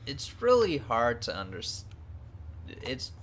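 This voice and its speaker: A man co-hosting a podcast, speaking in relaxed casual chat and hesitating often with fillers. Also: mid-range voice, takes it slowly, slight background noise. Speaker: podcast co-host.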